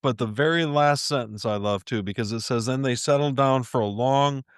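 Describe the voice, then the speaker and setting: Earnest man with a smooth voice. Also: mid-range voice, moderate pace, no echo, clean studio sound. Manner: earnest, stammering restarts, frequent "you know what I mean". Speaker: podcast host. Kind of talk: casual faith podcast chat.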